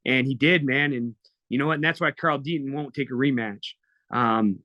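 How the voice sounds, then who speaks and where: This man in his thirties, a fighter appearing on a podcast, talks at a moderate pace with a medium pitch. His storytelling is raw, profane, and emotional in a candid interview, captured in dull audio with no room sound.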